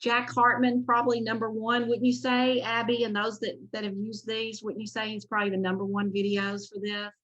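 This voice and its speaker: A woman's voice: on the high side, little pitch movement, a little fast, few pauses, a bit bright, muffled recording. A woman leads an online session for teachers in a chatty, enthusiastic way. She talks her way through her slides and recommends activities as she goes. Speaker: teacher trainer presenting. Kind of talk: online presentation.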